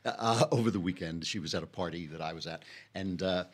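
A man's voice: sits low, fairly quick. A man hosting a podcast in casual political chat, teasing his guest and laughing often. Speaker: podcast host.

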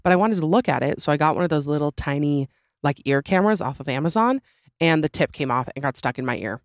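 A woman's voice: sits low, dry recording, clean studio sound. A woman hosting a podcast with a sore throat, reading listener stories in a chatty, rambling way with joking asides. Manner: chatty, rambling asides and self-deprecating jokes. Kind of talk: casual podcast chat and story reading.

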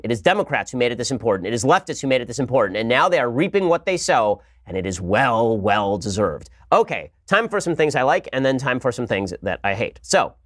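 Man, political commentary host, sarcastic, mocking, very fast talker, dry close sound. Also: medium pitch, dry recording. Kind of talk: fast combative commentary monologue.

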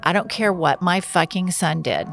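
A woman with a fairly low voice co-hosts a casual chat. She speaks emphatically and in an opinionated way. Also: normal speed, gravelly, a little hiss or hum.

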